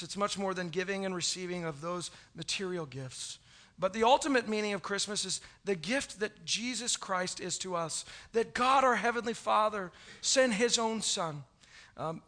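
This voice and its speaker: A man's voice: high voice, pushed and bright. A man, a pastor with young sons, giving a chatty, joking Christmas Eve sermon to his congregation. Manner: chatty, joking, with many restarts.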